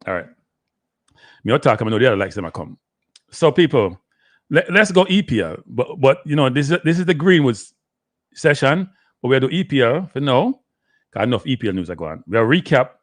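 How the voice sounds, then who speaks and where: A man's voice: medium pitch, big pitch swings, a little fast, pauses often, no room sound. A man hosting a live sports talk stream, rambling casually, talking to viewers by name and slipping into patois, his throat dry. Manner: rambling, talks to the chat by name, slips into Caribbean patois.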